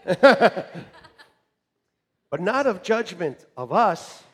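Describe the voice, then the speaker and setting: A middle-aged man preaching a sermon to a congregation, joking and animated, swinging from shouts to quiet asides. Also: sits high, measured pace. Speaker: pastor. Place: church hall with congregation. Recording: long reverb of a church hall.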